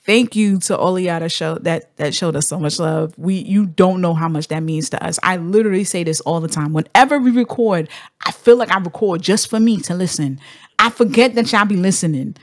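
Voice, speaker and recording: A woman hosting a podcast in casual chat, telling stories with lively acted-out voices. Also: fairly low pitch, a little fast, no echo, studio quality. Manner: animated storyteller, acts out quoted voices. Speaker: podcast host.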